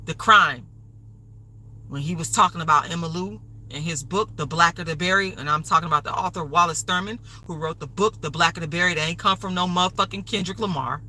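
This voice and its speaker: A woman's voice: deep voice, bright, forceful tone, rough recording. A woman hosting a livestream, delivering an angry, profane, repetitive rant. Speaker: livestream host.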